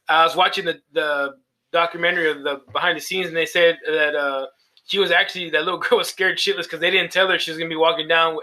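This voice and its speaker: A man talks through horror movies on a podcast in a loose, rambling way. He swears often and laughs at his own jokes. His voice sits a little high and sounds bright. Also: low-quality recording. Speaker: podcast co-host. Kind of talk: casual chat about horror movies.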